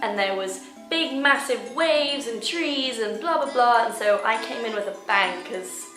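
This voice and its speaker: Young woman vlogger, chatty and self-mocking, higher voice, roomy echo, soft music behind. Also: unhurried. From Hawaii, USA. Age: young adult. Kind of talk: casual talk to camera.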